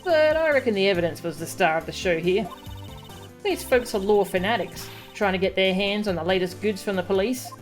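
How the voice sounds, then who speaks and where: A woman's voice: mid-range voice, fairly quick, faint music behind, lightly acted. A woman voicing a brash young female photographer who talks in a folksy, drawling country way, read aloud from a game.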